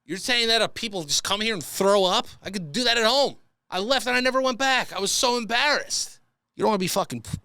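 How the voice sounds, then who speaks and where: Bright-voiced man ranting comedically. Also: high-pitched, lively intonation, brisk, dry recording. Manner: profane, exasperated ranting. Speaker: podcast host. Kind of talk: comedic storytelling monologue.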